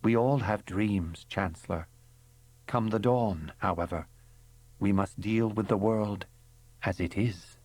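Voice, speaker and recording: A grave female warlord, as a man reads her in an audiobook, speaking low and slow with quiet sadness. Her diplomacy is calm and deliberate, the words weighed before they fall. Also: no echo. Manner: measured, diplomatic.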